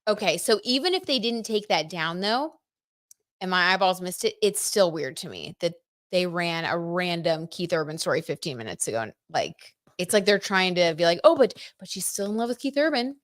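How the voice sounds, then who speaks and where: A woman hosts a tarot livestream, chatting and giggling as she talks directly to her viewers. Her voice is fairly low with lively intonation and a fairly bright tone, at normal speed, and there's no echo.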